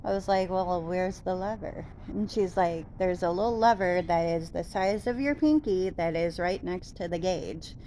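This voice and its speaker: A woman's voice: fairly low pitch, moderate pace, few pauses, slight background noise. A woman telling a story in a casual vlog, acting out the people she quotes. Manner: animated retelling, quoting others in raised voice. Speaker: vlogger.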